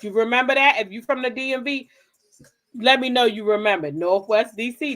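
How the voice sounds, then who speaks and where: A woman from the DC hosting a casual livestream, telling stories straight to her viewers in an animated, profane way. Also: fairly high pitch, brisk. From Kensington, Maryland, near Washington DC. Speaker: livestream gossip host. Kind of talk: casual chat with live viewers.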